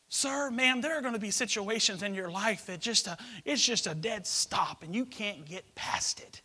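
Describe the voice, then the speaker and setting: High, bright-voiced preacher swinging loud and hushed. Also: male voice, moderate pace. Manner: swings from shouting to hushed whispers; acts out the story in character voices. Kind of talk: sermon.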